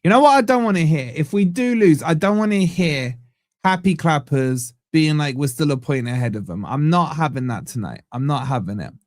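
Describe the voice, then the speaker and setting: A man hosting a live football watch-along stream from a home setup. He banters with viewers and gives them shout-outs. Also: medium pitch, no echo, studio quality. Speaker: fan channel host.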